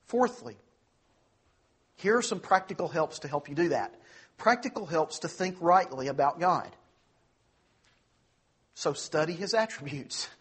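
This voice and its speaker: Husky earnest preaching man. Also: a little high, lively intonation, a bit bright. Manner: earnest preaching, slows for emphasis, quick asides. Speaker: pastor. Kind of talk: sermon.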